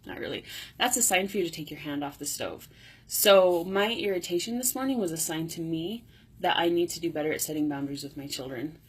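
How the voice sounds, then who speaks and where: A woman's voice: sits low, brisk, breathy edge. A woman life coach talking casually to viewers on a live video from her home, rambling and correcting herself as she goes. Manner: rambling and chatty, self-correcting. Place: home indoors.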